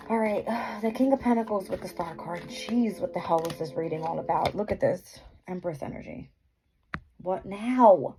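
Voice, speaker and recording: A woman's voice: lowish voice, a little mellow, low-quality recording. Scattered woman reading tarot over music. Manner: scattered, swearing, self-interrupting, laughing at own slips. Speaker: tarot and astrology reader. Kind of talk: casual reading to viewers. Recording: background music playing.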